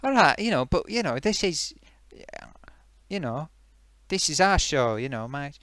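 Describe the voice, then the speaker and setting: A man's voice: fairly high pitch, sing-song, measured pace, a bit bright, no echo. A man voicing a gloating, eager male sock puppet who hosts a comedy stream, rambling with many fillers. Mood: defensive. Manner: rambling, hesitant, lots of fillers. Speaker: host.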